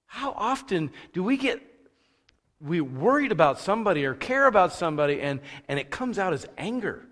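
A man preaching a conversational sermon, casual and animated, acting out the thoughts he quotes. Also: sits high, moderate pace. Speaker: pastor. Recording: long reverb of a large hall.

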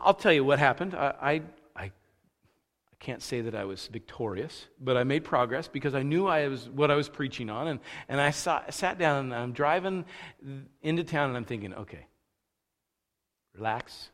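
A man preaching a conversational sermon, casual and animated, acting out the thoughts he quotes. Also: mid-range voice, fairly quick. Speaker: pastor. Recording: long reverb of a large hall.

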